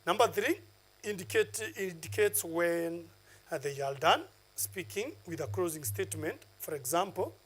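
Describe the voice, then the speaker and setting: A man's voice: a little high, lively intonation, normal speed, poor audio. Man teaching, counting off numbered points. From Kenya. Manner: lecturing, counting off numbered points with filler uhs. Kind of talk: classroom lesson on a TV channel.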